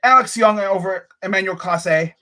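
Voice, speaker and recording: A man's voice: high voice, moderate pace. A young man vlogging as a sports fan, ranting casually and swearing a lot. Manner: animated, ranting, swears and says bruh a lot.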